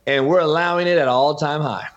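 A man's voice: fairly high pitch, brisk, dull audio. A man, a podcast host and former coach, talking as a guest in a heated, emphatic and preachy way. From California. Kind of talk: heated interview talk.

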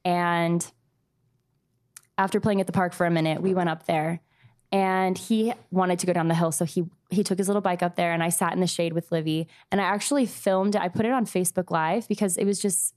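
A woman in her thirties, a guest, telling a painful personal story in a halting, soft-spoken way with many pauses. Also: lowish voice. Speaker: grieving mother guest.

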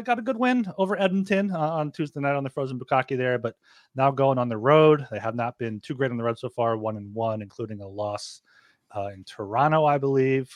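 A man's voice: mid-range voice, dry recording, clean studio sound. A man co-hosting a sports betting podcast, talking casually and often repeating words as he starts. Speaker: podcast co-host.

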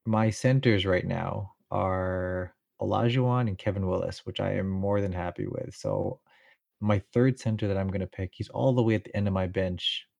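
A man's voice: low-pitched, fairly even intonation, normal speed, creaky, a little mellow, dry recording, dull audio. A man co-hosting a casual sports podcast, easygoing and thinking aloud as he makes picks. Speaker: podcast co-host.

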